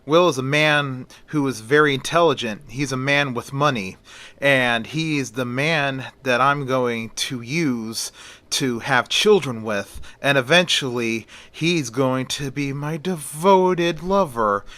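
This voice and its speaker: A man's voice: medium pitch, takes it slowly, sharp tone, dry recording. A man voicing a scheming, mocking female voodoo sorceress in a spoken horror story. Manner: mocking, taunting.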